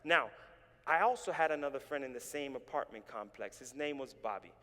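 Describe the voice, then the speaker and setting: A man's voice: mid-range voice, lively intonation, fairly quick, pushed and bright. A man from Canada preaching a sermon in a church, telling his story with animation and calling on the congregation to respond. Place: church sanctuary. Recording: reverberant church hall.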